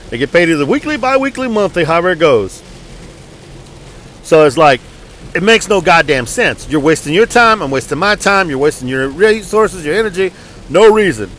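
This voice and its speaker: Guy ranting about phone calls, kinda high voice, swears a lot, faint traffic behind. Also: big pitch swings, a little fast, a bit bright, poor audio. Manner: angry venting, profane, rambling. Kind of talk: casual ranting story.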